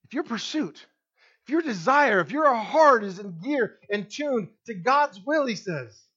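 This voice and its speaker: A male pastor preaching a sermon to his congregation, animated, with big swings between loud and quiet and frequent direct questions to the listeners. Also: measured pace, husky, dull audio. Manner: animated preaching with wide swings in pitch and loudness.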